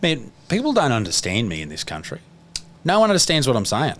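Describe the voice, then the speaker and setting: A man's voice: mid-range voice, huge pitch swings, a little fast, a little hiss or hum. An Australian man hosting a podcast in casual, swearing chat, laughing easily. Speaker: podcast host.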